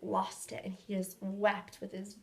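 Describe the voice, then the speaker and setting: A woman and mother co-hosting a casual faith conversation, telling stories with lively acted-out quotes. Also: mid-range voice, a little slow, gravelly, slight background noise. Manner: animated storyteller, acts out quotes. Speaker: podcast co-host, mother.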